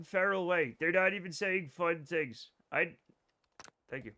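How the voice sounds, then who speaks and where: A man's voice: high-pitched, unhurried. A young man streaming a game live, chatting with his audience and bursting out now and then. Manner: excitable, bantering with chat, sudden outbursts. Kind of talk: casual live gameplay commentary.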